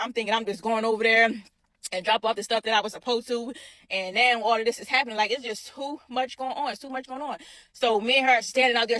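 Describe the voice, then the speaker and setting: Young woman, casual storyteller; quick delivery, bright-ish high voice, keeps repeating lines. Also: no echo. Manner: animated, repeats herself, addresses viewers as y'all.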